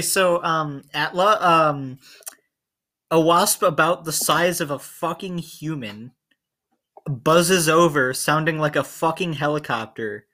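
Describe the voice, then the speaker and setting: A man's voice: fairly high pitch, sharp tone. A man running an online tabletop game as game master, laid-back and swearing casually as he narrates.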